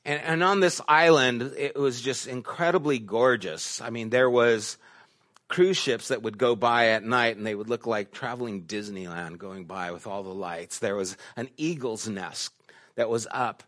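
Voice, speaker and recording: A middle-aged man, a pastor, preaching a sermon and telling stories, dropping to hushed asides and rising to emphatic questions. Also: mid-range voice, a little slow. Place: church sanctuary.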